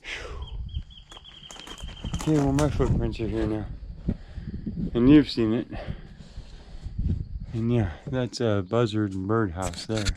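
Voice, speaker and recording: Hiking up a rocky hillside, a vlogger narrates casually, out of breath and wondering aloud at what he comes across. His voice is fairly low and slow, with frequent pauses, and the outdoor camera audio picks up background noise.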